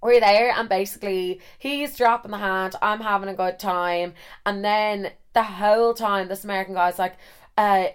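A young Irish woman spins a frank story vlog-style, chatty and quick to swear. Her voice is smooth and clear, at a mid pitch. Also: steady tone.

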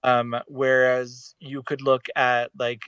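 A man's voice: mid-range voice, monotone, slow pace, fairly bright tone, clear, resonant tone, no echo. A man co-hosting a casual podcast discussion, talking in a rambling way with many fillers and restarts. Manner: rambling, hesitant, with frequent fillers. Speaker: podcast co-host.

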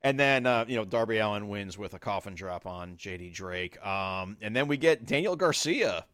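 A man's voice: on the low side, expressive, normal speed, a bit bright, no echo, studio quality. A man co-hosting a casual podcast, recapping events with many ums and uhs. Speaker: podcast co-host.

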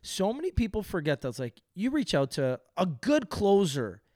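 A young man hosting a podcast, telling rambling, animated stories in casual chat and swearing freely. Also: sits high, moderate pace, dry recording, studio quality. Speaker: podcast host.

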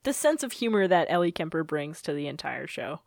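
A woman co-hosting a podcast in casual chat, easygoing and quick to laugh. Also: deep voice, sing-song, vocal fry, a little mellow, no echo, clean studio sound. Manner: laughs often, slow and easygoing. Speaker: podcast co-host.

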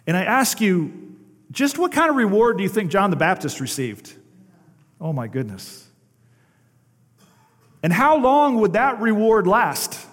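Preaching pastor in a reverberant sanctuary. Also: male voice, high-pitched, very animated. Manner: dynamic preaching, swings from emphatic to hushed, slows for emphasis. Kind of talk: sermon.

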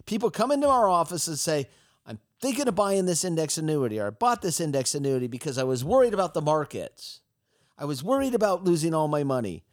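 A man's voice: fairly high pitch, very animated, quick pace. A man co-hosting a radio talk show, asking prompting questions and keeping it playful.

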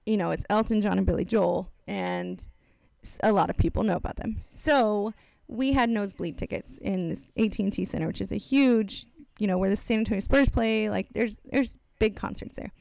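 Chatty woman with a gravelly edge. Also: medium pitch, moderate pace, darkish tone, dry recording. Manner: chatty storyteller, acts out quotes. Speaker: podcast co-host. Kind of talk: casual chat.

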